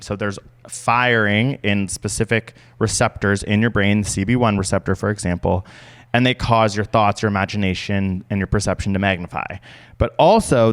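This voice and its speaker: Casual animated guy, low pitch, chatty podcast host. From Canada. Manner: animated storyteller, acts out quoted voices. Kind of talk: casual chat.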